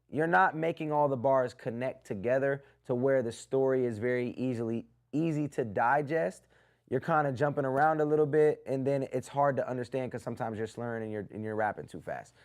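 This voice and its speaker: A man hosting a live music review stream, giving blunt critiques and shouting out viewers in the chat. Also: medium pitch. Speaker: music review livestream host. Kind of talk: casual live-stream commentary.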